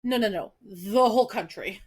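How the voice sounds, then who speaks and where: A young adult woman co-hosts a podcast, chatting casually and telling stories in a lively, animated way, acting out the quoted dialogue. Her voice is mid-range and husky, and she speaks at a moderate pace.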